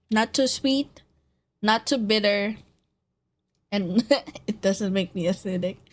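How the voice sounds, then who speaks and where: A young woman streamer, chatting casually in slang and laughing often. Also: mid-range voice. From Philippines. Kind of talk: casual live-stream chat.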